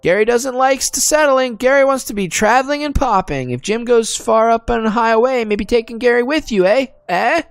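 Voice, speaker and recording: Gary: a squeaky stammering goblin. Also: male voice, moderate pace, hardly any pauses, clean tone, no room sound, soft background music. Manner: stammers, mangles grammar. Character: excitable little male goblin, broken speech.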